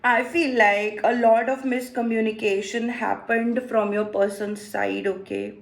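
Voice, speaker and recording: A woman's voice: on the high side, fairly even intonation, a little slow. A woman giving a tarot card reading to viewers, emotive and exclaiming as she thinks aloud. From India. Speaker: tarot reader.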